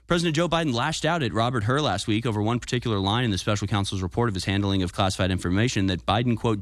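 A man's voice: fairly low pitch, rapid-fire, hardly any pauses, no room sound, clean studio sound. A man hosting political talk radio with combative, sarcastic commentary. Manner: combative, sarcastic, self-congratulating. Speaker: talk show host.

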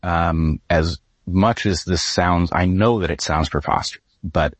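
A man speaking as an interview guest, laying out an argument in a deliberate, grave, emphatic way. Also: low-pitched, no room sound. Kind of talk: measured spoken argument.

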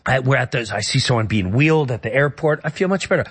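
A man's voice: mid-range voice, lively intonation, fast talker, husky. A middle-aged man from the New York area telling a personal story in a conversation, earnest and emotional, often stopping and restarting his sentences. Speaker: guest.

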